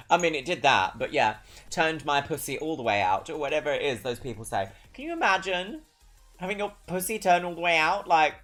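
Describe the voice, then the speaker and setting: A woman's voice: deep voice, very animated, moderate pace, a bit bright, soft background music. A British woman streaming, chatting casually with a giggly, rambling, self-mocking manner. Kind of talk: casual chat.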